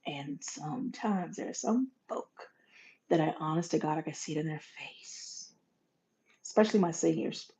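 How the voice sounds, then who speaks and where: A woman hosting a motivational monologue in a folksy, animated way, swinging from loud bursts to soft whispers. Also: low-pitched, moderate pace, gravelly. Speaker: podcast host. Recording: dull lo-fi recording.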